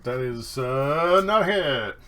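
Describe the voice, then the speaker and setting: Bright-voiced male game master. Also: mid-range voice, animated. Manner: vivid, halting combat narration with many fillers. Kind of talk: narrating a tabletop game.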